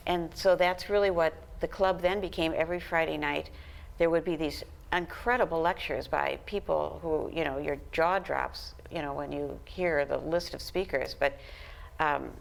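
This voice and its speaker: A woman author talking about history at a panel, relaxed and full of fillers. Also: low voice, normal speed, creaky, poor audio. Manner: relaxed storyteller, many fillers. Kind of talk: conversational panel talk. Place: art gallery talk.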